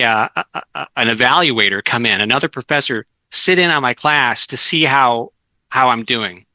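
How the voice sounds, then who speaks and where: A man's voice: mid-range voice, pushed and bright, dry recording, poor audio. A middle-aged man telling casual stories as a guest, with many restarts and fillers. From Southern California. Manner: rambling anecdotes with many restarts. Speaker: guest author. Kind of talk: casual storytelling.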